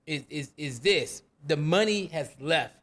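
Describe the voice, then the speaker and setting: Male podcast host, slightly high voice, casual, halting delivery with fillers. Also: expressive, fairly bright tone. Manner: hesitant, many fillers and restarts. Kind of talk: casual chat. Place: rooftop venue.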